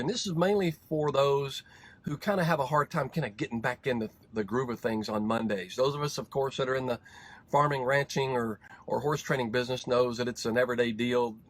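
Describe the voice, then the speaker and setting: A man from the United States, a horse trainer hosting his vlog, telling a story in a folksy, relaxed way from a parked vehicle. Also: medium pitch. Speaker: horse trainer and show host.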